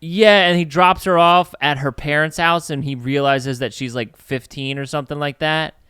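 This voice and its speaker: A man's voice: a little high, fairly even intonation, normal speed, bright, forceful tone, clear, resonant tone, no room sound, studio quality. A young man chatting casually as a podcast co-host, rambling with many fillers. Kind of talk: casual chat.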